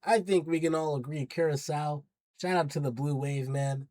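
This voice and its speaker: A man's voice: on the high side, normal speed, darkish tone. A man talking through his football predictions in a chatty, slangy way, hyping up teams and hedging his picks as he goes. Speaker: football pundit vlogger. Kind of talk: casual predictions commentary.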